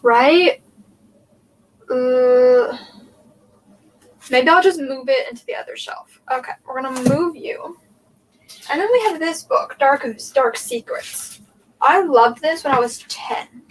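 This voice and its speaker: Speaking slowly with long pauses, a young woman in a high voice hosts a casual booktube livestream from a room at home with bookshelves. As she sorts her shelves she thinks aloud and rambles, filling gaps with "like" and "um," and a distant mic catches faint background noise.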